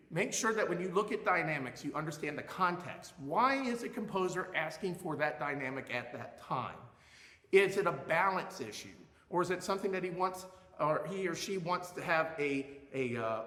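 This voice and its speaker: A man teaching a music lesson, explaining expressively and showing loudness with his own voice. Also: a little high, echoey room, in a large hall.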